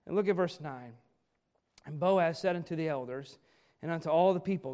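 Higher-voiced man preaching a lively sermon. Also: moderate pace. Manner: animated preaching, acting out quoted speech. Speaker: pastor.

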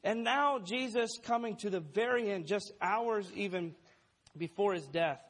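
A man's voice: high voice, unhurried, fairly bright tone. A man preaching a sermon in an emphatic way, laying out numbered points and quoting scripture aloud.

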